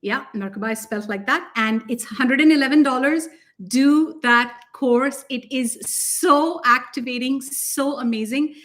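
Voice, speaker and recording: Full of high energy, a woman spiritual teacher co-hosts a casual spiritual talk, gushing and laughing often in a fairly high voice. She speaks at normal speed with few pauses, occasionally drifting a little off-mic.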